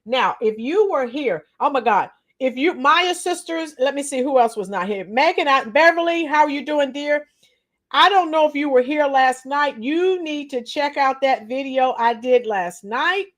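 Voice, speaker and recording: A middle-aged woman hosting a casual livestream, greeting viewers by name, her voice a little strained and clearing her throat often. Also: high voice, expressive, unhurried. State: slightly strained voice after a week of teaching. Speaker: livestream host. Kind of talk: casual live chat with viewers.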